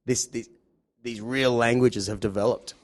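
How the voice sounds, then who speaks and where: Australian man, podcast host, casual chat, laughs easily, mid-pitched voice. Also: steady tone, moderate pace. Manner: chatty, laughs often, hesitant fillers. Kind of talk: casual conversation.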